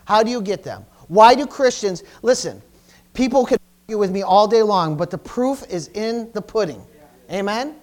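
A man's voice: sits high, expressive, moderate pace, darkish tone. A pastor preaching a sermon to his congregation, emphatic and repetitive, stumbling over restarts and calling out for amens. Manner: emphatic, repetitive, stammering restarts, call-and-response. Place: church service.

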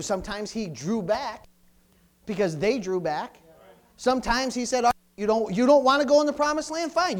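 A middle-aged man, preaching a sermon with call-and-response, repeated hallelujahs, and swings from loud exclamations to soft asides. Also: very high-pitched.

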